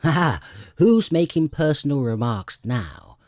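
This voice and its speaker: A man's voice: medium pitch, huge pitch swings, a little slow, dark tone, no room sound, studio quality, voice pushed up. A man voicing a rude, eccentric male hatter in a storybook, with a brash, mocking manner.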